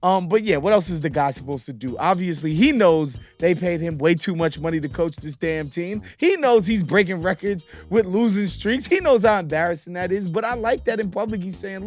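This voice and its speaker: A man from New York hosting a casual basketball commentary show, animated and opinionated, often laughing. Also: sits high, a little fast, few pauses, faint music behind. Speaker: host.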